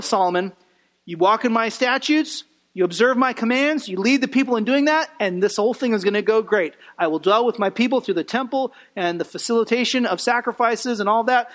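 A man's voice: high-pitched, a bit bright. A man preaching a sermon in a church, earnest and building emphasis with rhetorical questions. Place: church sanctuary. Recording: long reverb of a hall.

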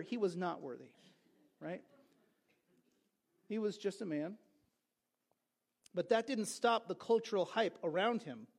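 A man preaching a sermon as pastor, in a conversational way with quick asides and restarts. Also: high voice.

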